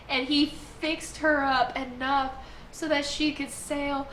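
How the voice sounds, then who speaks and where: Bright-voiced young woman gushing about anime. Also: high voice, level tone, slow pace. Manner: gushing, emotional fan. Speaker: anime review host. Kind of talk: casual review chat. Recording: roomy echo, faint noise.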